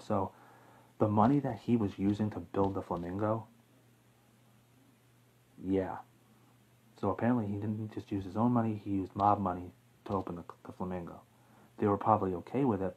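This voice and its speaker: A man's voice: sits low, darkish tone, slightly rough, poor audio. A man hosting a casual true-crime video, rambling with fillers, self-corrections and the odd chuckle. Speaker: YouTube true-crime host. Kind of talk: casual off-the-cuff talk to camera.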